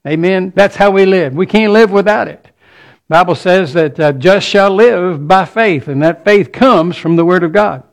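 High-pitched guy preaching a sermon, earnest, repeats himself a lot. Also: moderate pace, creaky. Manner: earnest, repeats words while building points.

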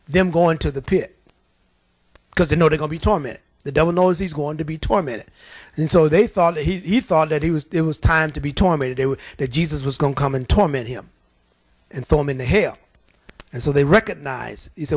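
High-voiced preacher giving an emphatic sermon. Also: male voice, fairly quick, no room sound. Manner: emphatic, storytelling, colloquial.

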